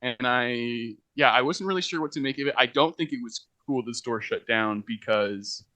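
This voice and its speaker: A young man telling a work anecdote on a podcast, animated, often laughing and acting out what people said. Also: mid-range voice, normal speed, no room sound. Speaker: podcast co-host. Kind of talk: casual storytelling chat.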